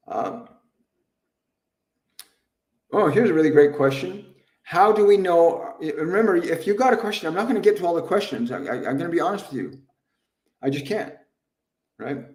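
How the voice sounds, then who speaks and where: A man's voice: a little high, lively intonation, moderate pace, long pauses, a little mellow, roomy sound, recorded from a distance. A man hosting a live question-and-answer stream as a medium, earnest and grateful, repeating himself and laughing often. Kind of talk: livestream talk.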